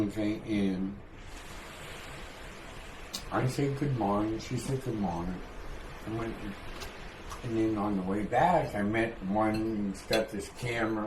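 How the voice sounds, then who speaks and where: A man at a dinner table telling simple anecdotes. He talks very slowly in a lowish voice. The room sounds roomy, and background noise is clearly audible. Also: steady tone. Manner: unhurried, plain anecdotes. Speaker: dinner guest. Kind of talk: casual dinner conversation.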